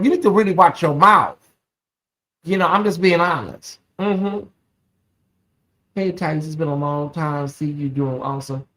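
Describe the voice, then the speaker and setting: Chatty livestream gossip host. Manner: chatty, reads viewer comments aloud, talks straight to the audience; swings into loud, high exclamations when excited. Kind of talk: casual livestream gossip commentary.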